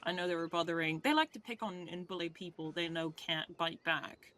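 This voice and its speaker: A roleplayer speaking in character as a jaded veteran, measured and wordy, sighing now and then. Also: mid-range voice, a bit bright. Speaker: roleplayer playing a weary veteran. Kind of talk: in-character game roleplay chat.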